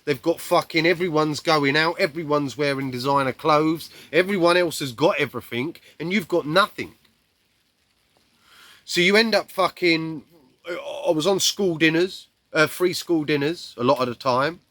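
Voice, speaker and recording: A man's voice: on the high side, normal speed, no room sound. Blunt, swearing man. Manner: blunt, heavy swearing, acts out shouts and quoted lines. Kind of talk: raw personal storytelling.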